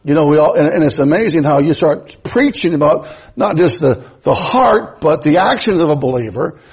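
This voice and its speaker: A man's voice: fairly high pitch, animated, normal speed, gravelly, darkish tone, husky, low-quality recording. A man preaching a sermon in a folksy, emphatic way, mixing scripture with personal stories. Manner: folksy, storytelling, emphatic rises.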